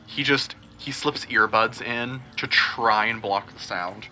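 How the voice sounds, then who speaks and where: Bright-voiced man playing a tabletop game. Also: medium pitch, takes it slowly, soft background music. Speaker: player. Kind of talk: tabletop role-play.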